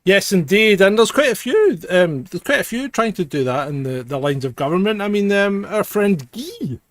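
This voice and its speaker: Brief: male host, fairly high voice, blunt and opinionated, dry close mic. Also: very animated, unhurried, dry recording. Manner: blunt, plain-spoken, swears. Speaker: podcast host. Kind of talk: casual chat.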